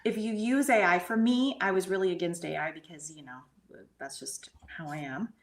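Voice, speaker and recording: A middle-aged woman talks through a personal spiritual experience with earnest conviction. Her voice sits a little low for a woman, and she often drops to a hushed, near-whispered delivery. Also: moderate pace. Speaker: guest medium and energy healer. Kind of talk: conversational storytelling.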